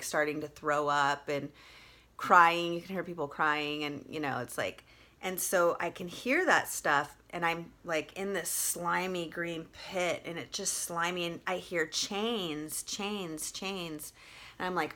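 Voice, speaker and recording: A woman vlogger telling a personal story in a casual, animated way, with lots of fillers and free swearing. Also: low-pitched.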